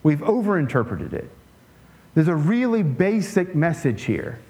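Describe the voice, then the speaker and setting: A man preaching a conversational sermon in a relaxed way, with joking asides and frequent restarts. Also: a little high, unhurried. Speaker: pastor.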